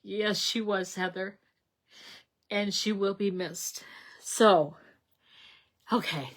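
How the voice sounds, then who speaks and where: Speaking slowly at a medium pitch, a middle-aged woman demonstrates card-making on a live stream. Her talk is casual and a little rambling as she welcomes viewers by name.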